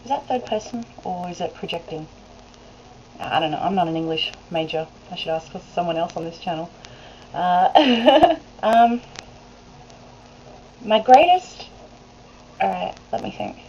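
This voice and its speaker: Woman, twenties, mellow tone, chatty and rambling, lo-fi webcam sound. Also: lowish voice, lively intonation, unhurried, pauses often. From Australia. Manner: chatty, rambling, laughs often. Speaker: vlogger. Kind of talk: casual chat to camera. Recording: dull lo-fi webcam recording with faint hiss.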